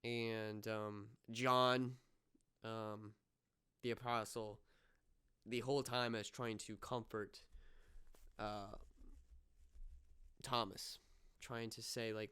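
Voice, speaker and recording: A man's voice: lowish voice, level tone, extremely slow, pauses often, bright, forceful tone, clean tone. A young man co-hosting a podcast, earnestly retelling scenes of a show in a casual review with many ums and restarts. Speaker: podcast co-host.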